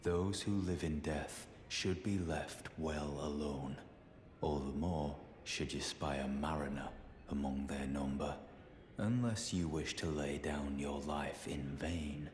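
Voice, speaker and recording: An actor playing a stern male hunter of the undead who speaks calmly, gravely and deliberately. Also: extremely low pitch, reverberant.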